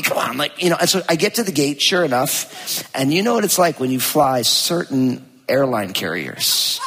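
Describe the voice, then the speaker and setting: A man preaching as a pastor, telling a personal story with lively acted-out quotes. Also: a little high, husky. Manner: animated storytelling, acts out quotes. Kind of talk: sermon with personal anecdote. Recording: long hall reverb.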